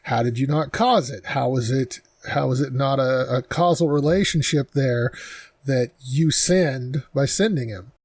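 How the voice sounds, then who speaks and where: A man's voice: medium pitch, a little slow, darkish tone, husky, no echo. A man hosting a podcast, thinking aloud about the moral questions a video game raises. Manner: thoughtful, poses moral questions. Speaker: podcast host. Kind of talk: casual game discussion.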